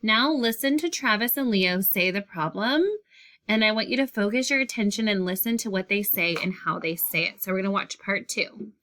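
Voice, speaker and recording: Bright-voiced woman teaching young kids. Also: medium pitch, normal speed. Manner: patient, guiding, repeats key phrases. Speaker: elementary school teacher. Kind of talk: classroom lesson for young children.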